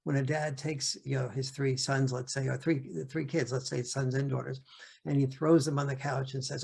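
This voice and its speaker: An older man gives a talk over a video call, halting and restarting as he searches for words. His voice is deeply gravelly, with a husky, rough edge at a middling pitch. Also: flat delivery, darkish tone. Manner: halting, many restarts and fillers. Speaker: guest speaker. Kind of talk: lecture-style talk.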